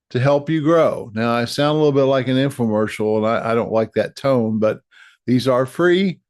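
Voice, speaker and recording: A middle-aged leadership coach with an ordinary male pitch speaks directly to camera, earnest and encouraging. He often restarts a phrase before finishing it. The sound is dry and close, with little room echo.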